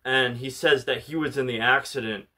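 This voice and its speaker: A movie reviewer with a medium-pitched, steady, sharp-toned voice recounts a film's plot at a moderate pace. His delivery is loose and chatty, packed with "like" and "you know."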